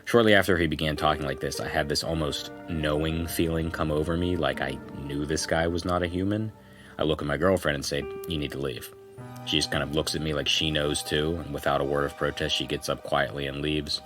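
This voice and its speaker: A man co-hosting a podcast, reading a first-person ghost story aloud in a conversational storytelling manner with dramatic pauses. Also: a bass voice, fairly even intonation, over music. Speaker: podcast co-host.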